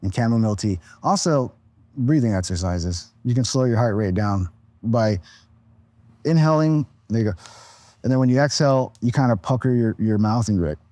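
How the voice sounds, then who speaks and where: A man's voice: mid-range voice, expressive, normal speed, dark tone, no echo. A tired man in his thirties, a podcast guest, chatting casually in a rambling, laid-back way with plenty of swearing and restarts. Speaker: podcast guest, content creator.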